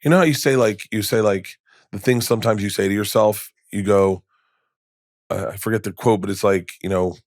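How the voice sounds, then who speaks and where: A man in his fifties, a comedian guest telling stories in a lively, casual way, acting out the voices in them. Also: fairly low pitch, fairly quick, no room sound, studio quality. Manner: animated, acts out voices in his anecdotes, swears casually. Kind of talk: storytelling in casual conversation. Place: podcast studio.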